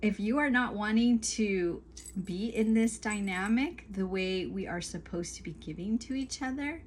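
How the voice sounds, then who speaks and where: A woman's voice: mid-range voice, a little slow, slight background noise. Earnest woman giving spiritual advice. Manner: earnest, repetitive, emphatic lists. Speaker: spiritual coach. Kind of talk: casual talking-to-camera advice.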